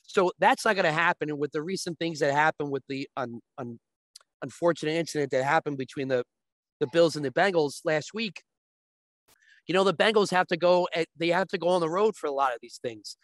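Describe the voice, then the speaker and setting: A man's voice: on the high side, a little fast, a bit bright, no echo. Man explaining sports betting, dry sound. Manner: talks in long explanations, frequent restarts. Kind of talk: casual explanatory chat.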